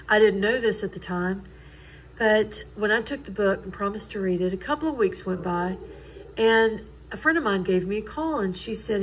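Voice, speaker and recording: A woman's voice: mid-range voice, a little hiss or hum, low-quality recording. A middle-aged woman, telling her personal faith story in an earnest, conversational way. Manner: earnest, conversational, quotes others in dialogue. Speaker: Christian testimony speaker.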